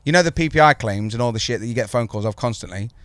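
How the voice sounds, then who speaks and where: A man with a Birmingham accent chats on his podcast in an easy, sweary way. He tells stories and slips into other people's voices as he goes. His voice sits at an ordinary middle pitch. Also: lively intonation, racing, a bit bright, no room sound. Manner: sweary, storytelling with put-on voices. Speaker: podcast host. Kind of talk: casual chat.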